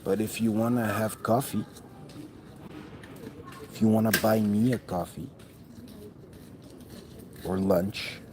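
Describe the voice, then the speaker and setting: Man, very deep voice, unhurried delivery, rambling profane monologue, noisy background. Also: fairly even intonation. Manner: rambling, profane, trails off mid-thought. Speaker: vlogger. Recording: noticeable background noise.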